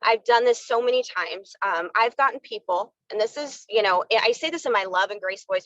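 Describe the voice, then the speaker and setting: A woman's voice: mid-range voice, normal speed, few pauses, fairly bright tone, no echo, dull audio. A woman leading her sales team in a candid, fired-up motivational live talk, saying y'all. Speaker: network marketing team leader.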